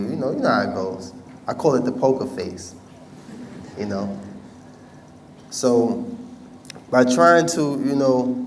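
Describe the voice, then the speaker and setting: American man, conversational storyteller, mid-pitched, mic set back, faint hiss behind. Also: darkish tone, recorded from a distance. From United States. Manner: conversational storytelling, addresses audience directly. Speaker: speaker telling his life story. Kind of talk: personal testimony talk.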